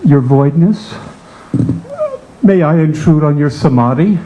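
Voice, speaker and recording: Man playing a reverent, formal wife, fairly high voice. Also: animated, a little slow, warm tone, a little hiss or hum, low-quality recording. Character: deferential devoted wife.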